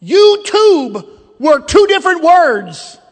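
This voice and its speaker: High-voiced preacher joking with his congregation. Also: big pitch swings, slow pace, big-room sound. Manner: storytelling, joking, calls out to the congregation. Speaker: pastor. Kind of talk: sermon. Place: church sanctuary.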